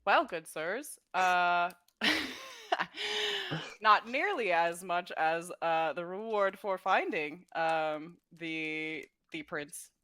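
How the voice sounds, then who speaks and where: A woman's voice: lowish voice, animated, extremely slow, a bit bright, smooth, exaggerated voice. Woman playing a pompous polite bard. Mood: courteous. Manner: grandly courteous. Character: overconfident polite male bard.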